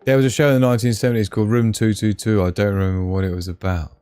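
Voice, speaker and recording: A man's voice: lowish voice, little pitch movement, very fast, mellow, smooth, faint music behind. A man hosting a live stream, chatting to viewers in a rambling, casual way. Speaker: livestream host.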